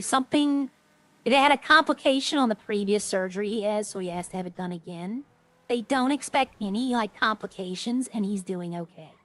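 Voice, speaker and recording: A woman streamer talks casually while she plays, rambling from one story to the next. Her voice sits a little high. The sound is close and dry. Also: no room sound. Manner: rambling, chatty, animated when retelling stories. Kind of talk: casual chat while streaming a role-play game.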